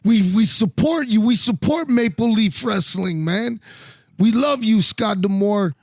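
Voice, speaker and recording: A man, a former wrestler co-hosting a podcast, telling stories in animated, profane casual chat with lots of restarts. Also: high-pitched, unhurried, no room sound, clean studio sound.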